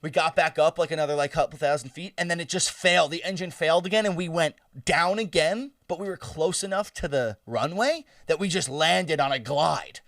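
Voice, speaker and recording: A man's voice: on the high side, brisk, few pauses, fairly bright tone, no echo, clean studio sound, recorded from a distance. A young man in his twenties, co-hosting a podcast, telling a story in a loose, profane, laughing way. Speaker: podcast co-host. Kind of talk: casual storytelling chat.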